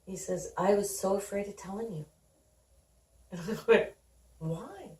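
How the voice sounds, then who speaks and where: A woman's voice: medium pitch, fairly even intonation, measured pace, a little mellow. A middle-aged woman telling her family's story in an interview, conversational and acting out the dialogue. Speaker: guest. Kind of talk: candid personal storytelling. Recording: roomy sound, distant from the mic.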